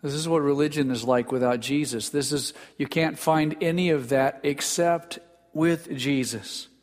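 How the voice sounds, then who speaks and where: A middle-aged man preaching a sermon, telling stories earnestly and moving between quiet and emphatic delivery. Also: on the high side, fairly even intonation, a little slow, faint music behind. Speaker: pastor. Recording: hall reverb.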